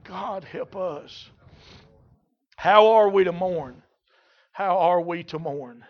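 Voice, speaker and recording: The sound is muffled and flat as a male preacher with a high-pitched voice works through his sermon. Quiet, calm explanation gives way at times to loud, slow exclamations that he shouts and stretches out.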